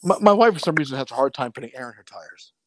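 A man co-hosting a podcast, telling a story in a casual, animated way, cursing freely and acting out what people said. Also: mid-range voice, fast, dry recording. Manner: animated, profane, acts out voices in his story. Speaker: podcast co-host.

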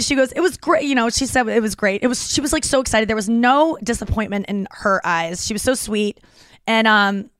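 A woman's voice: mid-range voice, clear, resonant tone, no echo. A woman in her thirties, a comedian hosting a podcast, telling a long rambling story, swearing freely and acting out quotes.

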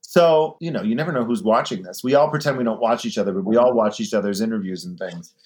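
A man being interviewed in a casual chat, an animated storyteller who slips into other people's voices now and then. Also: fairly low pitch, quick pace. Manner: chatty, animated storyteller, mimics voices in anecdotes. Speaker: guest, drag performer.

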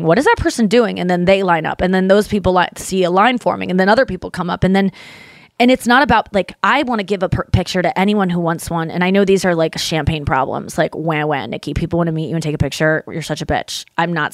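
A woman hosting her podcast solo, chatting casually and self-deprecatingly, jumping into animated voices when she quotes people. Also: lowish voice, dry recording, clean studio sound. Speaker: podcast host.

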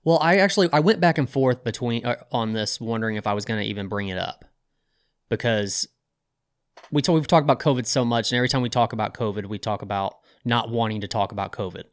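A man with a mid-pitched voice co-hosts a relaxed podcast. He often stumbles and repeats words as he starts a thought. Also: quick pace, no echo, clean studio sound. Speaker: podcast co-host. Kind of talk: casual chat.

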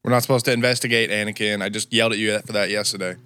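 A man's voice: fairly low pitch, fairly even intonation, rapid-fire, pushed and bright, clean tone, dry recording. A man chatting casually while reacting to a movie, with sarcastic, laughing, swearing asides. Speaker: movie commentator.

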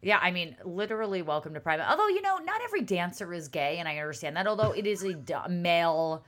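A woman's voice: fairly low pitch, big pitch swings, quick pace, a bit bright. A woman co-hosting a true-crime podcast, teasing her co-host in playful casual chat.

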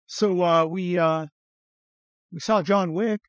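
A man's voice: high voice, fairly even intonation, slow pace, no room sound. A man hosting a podcast from inside a car, giving blunt, profane opinions in a rambling, casual way with lots of fillers. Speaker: podcast host.

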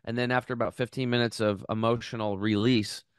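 A man hosting a health podcast, earnestly telling an emotional story in a close, animated way with many restarts. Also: medium pitch, fairly quick, clean tone, no echo. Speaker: podcast host.

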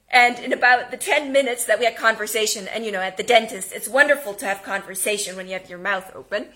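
A woman giving an energetic homeschooling lesson, speaking emphatically and now and then dropping to a whisper. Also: on the high side, fairly quick. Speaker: homeschooling teacher. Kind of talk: instructional talk.

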